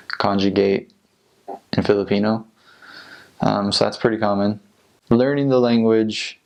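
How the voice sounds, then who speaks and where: A young American man, a returned missionary, talking casually in an interview in a relaxed, rambling way with lots of filler words. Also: lowish voice. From United States.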